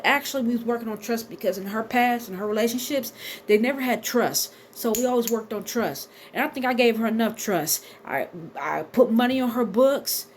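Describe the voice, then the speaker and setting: Animated, profane woman in her thirties. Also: a little high, slight background noise. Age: 30s. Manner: animated, profane, talks straight to viewers. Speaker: vlogger. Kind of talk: casual storytime.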